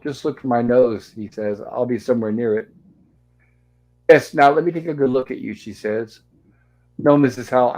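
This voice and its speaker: A man with a mid-range, slightly mellow voice hosts a casual online show, recapping an old sitcom episode. He reads the characters' lines aloud in a chatty, storytelling way. The audio sounds dull.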